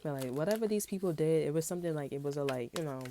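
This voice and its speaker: A woman with a low, mellow voice gives a casual tarot reading. She rambles along in loose slang, swearing freely as she talks straight to her viewers. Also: rapid-fire, a little hiss or hum. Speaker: tarot reader.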